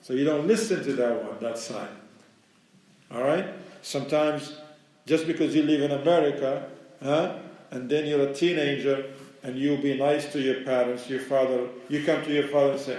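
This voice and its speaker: A man's voice: medium pitch, normal speed, a little mellow. A man giving a conversational religious lecture in plain, explanatory speech, speaking English with non-native grammar. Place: mosque lecture room. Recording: very echoey hall, mic far away.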